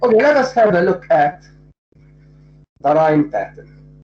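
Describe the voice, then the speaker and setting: A literature lecturer explaining a poem, speaking deliberately and repeating key points to make them plain. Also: medium pitch, big pitch swings, darkish tone. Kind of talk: poetry lecture. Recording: dull lo-fi recording.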